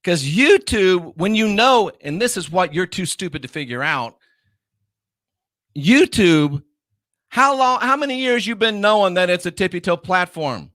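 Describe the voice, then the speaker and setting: A man rants loudly into the mic with a bright, forceful voice, pitched a little high for a man. He jeers with heavy profanity, then drops to low mutters. The sound is close and dry. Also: big pitch swings, unhurried, no echo. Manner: loud, profane, mocking, swings from shouting to low muttering. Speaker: commentary host. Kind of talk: ranting reaction commentary.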